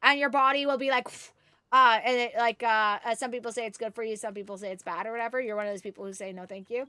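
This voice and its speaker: A Canadian woman streaming a game, chatting with viewers in an animated way and swearing freely. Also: a little high, fast talker, dry recording. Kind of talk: casual gaming stream chat.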